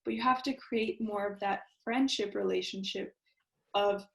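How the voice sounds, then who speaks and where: A woman's voice: mid-range voice, fairly even intonation, normal speed, creaky, a bit bright. A young adult woman host, a former ice dancer, chatting casually with many fillers of "like" and acting out what others said. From United States. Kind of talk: casual interview chat. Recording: roomy echo.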